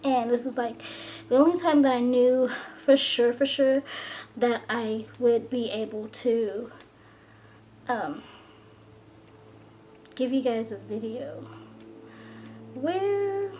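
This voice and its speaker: A young woman vlogging, her voice sitting fairly high as she talks quickly and casually. She sounds slightly out of breath and keeps filling her sentences with "like" and "you know." Faint background noise runs under her voice. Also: warm tone. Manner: fast-talking, chatty, lots of "like" and "you know". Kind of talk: casual chat to camera.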